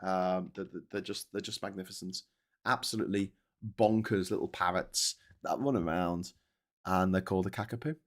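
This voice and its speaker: A man's voice: sits low, steady tone, normal speed. A man hosting a live news commentary show, sweary and ranting, with enthusiastic digressions as he reacts to viewer chat. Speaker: host.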